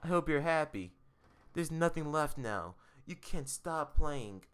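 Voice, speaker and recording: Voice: mid-range voice, expressive, a little slow, fairly bright tone, smooth. A streamer reading aloud as a desperate, lovestruck young female game character, pleading and remorseful, with game music behind. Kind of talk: read-aloud game dialogue.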